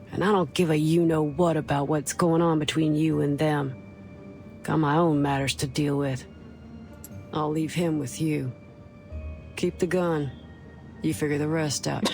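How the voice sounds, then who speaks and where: A woman voicing a curt, hard-bitten woman mercenary who talks in clipped rough slang. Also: low voice, steady tone, a little slow, a little mellow, faint music behind, voice pushed down. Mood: gruff.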